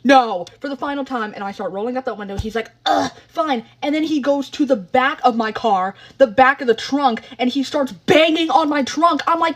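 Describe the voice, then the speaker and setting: Exasperated young woman swearing through a story. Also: high-pitched. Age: young adult. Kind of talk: casual storytime vlog. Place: parked car.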